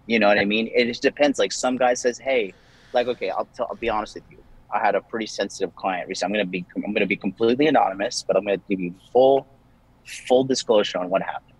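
A man's voice: lowish voice, fairly even intonation, fast talker, breathy edge, no echo, rough recording. A young man, a dating coach, talking casually and defensively with many restarts. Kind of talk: casual call-in conversation.

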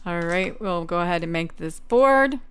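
A woman's voice: fairly low pitch, expressive, normal speed, a bit bright, smooth. A woman hosting a game playthrough, chatting through each step as she plays. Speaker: gaming channel host. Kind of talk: let's play commentary.

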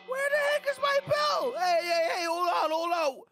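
A woman voicing a panicky, whiny young male Minecraft player who shrieks and repeats words in a high, squeaky cartoon voice. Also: sing-song, moderate pace, over loud music. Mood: panicked. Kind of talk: game video voice acting.

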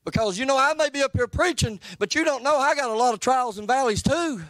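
High-voiced man preaching earnestly. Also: brisk, fairly bright tone. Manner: plainspoken, folksy and earnest, rising and falling in pitch. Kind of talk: sermon. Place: church sanctuary.

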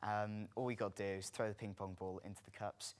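A young man hosting a student talk show, chatty and slightly halting with fillers. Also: lowish voice, little pitch movement. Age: young adult.

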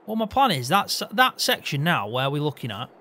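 A man's voice: fairly high pitch, big pitch swings, brisk, pushed and bright, full character voice. A man playing an easygoing young farm hand, laughing often and mock-grumpy in game roleplay banter. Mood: explaining. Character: young male farm hand with his own caravan.

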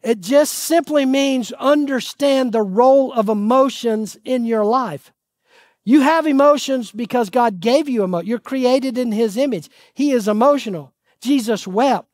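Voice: mid-range voice, measured pace, darkish tone, no echo, clean studio sound. A pastor preaching a sermon, putting questions to the congregation and pressing points home with earnest pleading. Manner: asks the audience questions and answers them.

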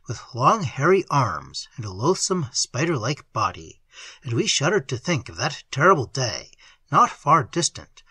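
A man giving a dramatic, hushed reading of an old weird tale, dropping into whispers at times, recorded close on a dry mic. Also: medium pitch, husky, dry recording. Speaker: narrator. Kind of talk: scripted literary reading.

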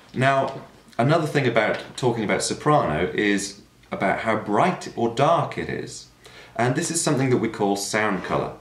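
Male singing teacher, lively explanatory delivery, echoey room. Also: mid-range voice. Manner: explanatory, with sung and shouted demonstrations. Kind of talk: vocal technique lesson.

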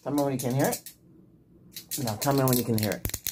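Man, whispered role-play, soft-spoken doctor, gentle patient instructions, strong background hiss and clicks. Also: medium pitch, steady tone, fast talker.

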